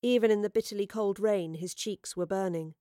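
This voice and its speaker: A woman narrating a storybook, reading in a measured, expressive way and doing voices for the characters. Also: mid-range voice, smooth, dry recording, clean studio sound.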